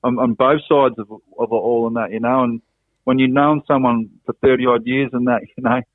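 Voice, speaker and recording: A man's voice: mid-range voice, fairly even intonation, normal speed, no room sound. A man chatting casually as a podcast guest, rambling and circling back on himself. His voice comes through a thin, phone-like line with a dry, close sound. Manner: rambling, full of "you know" and "and that", restarts. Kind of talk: casual chat.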